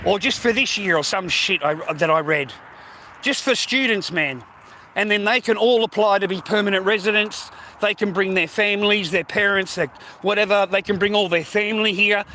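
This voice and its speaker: A man's voice: high-pitched, bright, forceful tone. An Australian man vlogging casually, rambling and swearing as he talks to his viewers and calls them mate. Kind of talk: casual ranting vlog. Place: outdoors on streets and in shops. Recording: noisy street recording with traffic.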